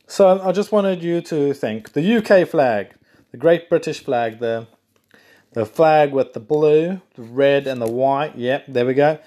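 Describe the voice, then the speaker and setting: A man from South Africa hosting a casual solo podcast, rambling and chatty, correcting himself as he goes. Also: mid-range voice. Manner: rambling, chatty, self-correcting, excitable bursts. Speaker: podcast host.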